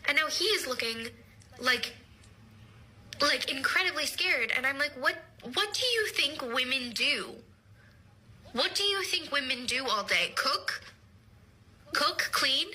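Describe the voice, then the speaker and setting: A young woman telling a rambling, deadpan comic story from her own life. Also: high-pitched, a little slow, long pauses, slight background noise, low-quality recording. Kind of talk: storytime vlog.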